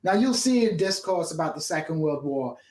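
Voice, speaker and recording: A man's voice: fairly high pitch, expressive, fairly quick, darkish tone, reverberant. A man from Hull, hosting a podcast, giving rambling, hesitant commentary full of fillers. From Hull, England. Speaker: podcast host. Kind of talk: casual discussion.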